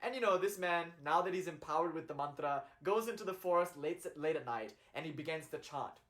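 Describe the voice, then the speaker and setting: A man's voice: fairly high pitch, lively intonation, brisk, a bit bright. A man telling a spiritual story in a casual, chatty way, with many fillers and laughing asides. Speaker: spiritual speaker.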